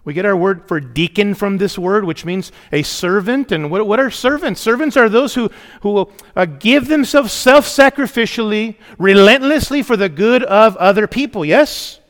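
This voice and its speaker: A man's voice: sits high, moderate pace. A middle-aged male pastor preaching a sermon in a church, emphatic and often calling out to the congregation for a response. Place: church sanctuary. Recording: long hall reverb.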